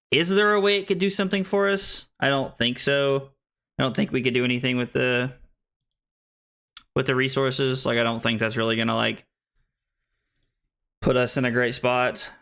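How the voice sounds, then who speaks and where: A man's voice: mid-range voice, bright, forceful tone, clear, resonant tone. A young American man casually commenting on his card game stream, thinking aloud with many restarts. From United States.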